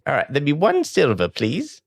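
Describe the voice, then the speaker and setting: A man voicing a friendly, eager male halfling innkeeper in a high, welcoming voice. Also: wildly swooping pitch, normal speed, gravelly, no room sound, clean studio sound, heavily acted.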